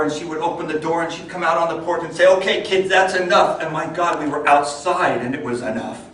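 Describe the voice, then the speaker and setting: A man giving a storytelling speech at a speaking club, swinging from lively and loud to low and hushed. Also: a little hiss or hum. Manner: animated, builds up energy then drops low. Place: meeting hall. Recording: echoey hall, mic far off.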